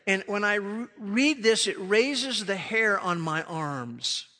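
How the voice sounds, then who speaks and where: Guy preaching a sermon, high voice, lots of reverb, gets loud then goes real quiet. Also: lively intonation, slow pace. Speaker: pastor.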